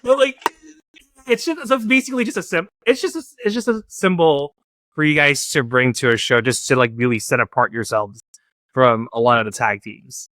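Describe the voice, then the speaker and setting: A man's voice: medium pitch, a little fast, bright, forceful tone, no echo, studio quality. A man hosting a casual podcast interview, giggly and easily amused. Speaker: podcast host.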